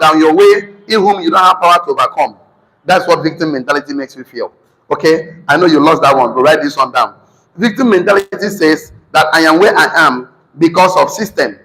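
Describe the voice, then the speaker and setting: Gravelly Nigerian man lecturing a class. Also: a little high, fairly bright tone, in a large hall, poor audio. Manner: repetitive, call-and-response, dictates punctuation aloud. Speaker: seminar teacher.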